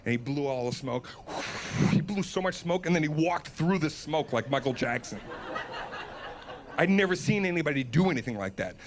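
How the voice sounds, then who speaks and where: A man's voice: high-pitched, a bit bright, a little hiss or hum. A man telling a comic story as a solo podcast host, self-mocking and laughing at his own tale. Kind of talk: comedic storytelling.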